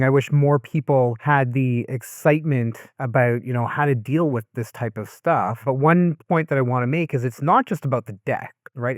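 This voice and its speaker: Male podcast host, conversational and relaxed, mid pitch, dry close sound. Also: no echo. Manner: conversational, reflective, relaxed storytelling. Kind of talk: podcast interview.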